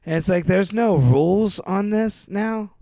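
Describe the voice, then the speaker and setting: Gravelly-voiced man in casual podcast banter. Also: high-pitched, unhurried, warm tone, dry recording. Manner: joking, teasing, laid-back. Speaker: podcast co-host. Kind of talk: casual chat.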